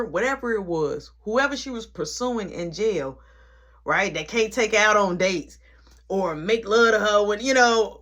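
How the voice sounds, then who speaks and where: Slangy animated storyteller. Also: female voice, a little high. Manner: slangy, animated retelling with many asides. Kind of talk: casual storytime.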